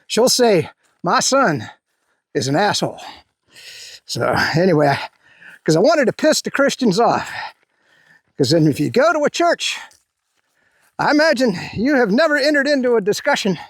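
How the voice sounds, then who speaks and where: A man's voice: high-pitched, no room sound, studio quality. A middle-aged man hosting his own commentary channel, talking bluntly and profanely in a rambling way with lots of "uh"s, outdoors on a hike.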